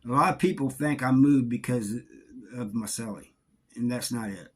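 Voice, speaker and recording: A middle-aged man telling a story from his time in prison in a casual, halting way, often repeating words. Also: medium pitch, breathy edge. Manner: halting, repeats words, drawling Southern-sounding grammar.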